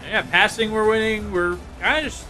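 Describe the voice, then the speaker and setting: A man streaming a football video game, giving casual, excitable play-by-play and chatting with viewers. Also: high voice, normal speed, faint music behind. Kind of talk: live gameplay commentary.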